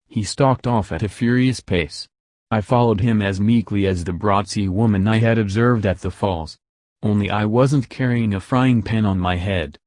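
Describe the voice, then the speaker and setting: Low-voiced man reading an audiobook. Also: normal speed, darkish tone, no room sound. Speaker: audiobook reader. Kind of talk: audiobook narration.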